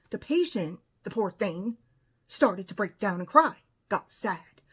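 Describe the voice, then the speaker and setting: A woman's voice: medium pitch, lively intonation, a little slow, pushed and bright, slightly rough. A woman telling a personal story in an emphatic, indignant way and acting out what was said. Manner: emphatic, indignant retelling with acted-out quotes. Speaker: vlogger.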